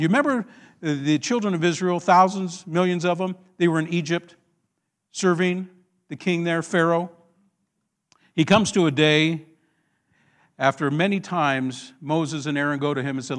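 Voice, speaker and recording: Guy pastor giving a sermon, pretty high voice, storytelling w/ lots of questions to the crowd. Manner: animated storytelling with call-and-response questions.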